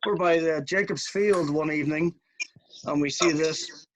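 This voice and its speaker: A male podcast host feels his way through a rambling question in a relaxed, casual way. His voice sits a touch high. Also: a little hiss or hum, poor audio. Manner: halting, searching questions. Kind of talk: casual interview chat.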